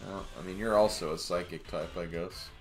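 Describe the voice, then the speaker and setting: A man's voice: low voice, steady tone, fairly quick, faint music behind. A man streaming a game, giving casual commentary as he plays. He thinks aloud and chuckles at his own remarks.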